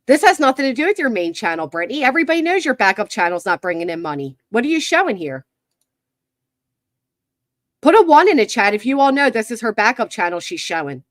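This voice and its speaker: A woman's voice: fairly high pitch, sing-song, fast talker, no room sound, studio quality. A woman hosting a livestream commentary, mocking and exasperated, talking to her viewers and chat at a computer. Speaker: commentary channel host. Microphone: computer mic.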